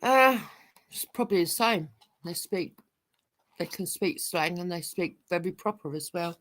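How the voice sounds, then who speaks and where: A woman's voice: on the low side, a little slow, fairly bright tone. A woman who laughs easily and speaks her mind frankly, chatting as a guest on an online panel. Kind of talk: casual online panel chat.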